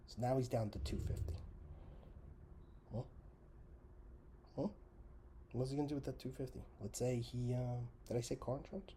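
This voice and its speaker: A man's voice: medium pitch, steady tone, normal speed, long pauses, a little hiss or hum. Swearing, sarcastic man on a rant. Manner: swears constantly, sarcastic, swings between shouting and muttering. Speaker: commentary show host. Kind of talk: profane comedic rant.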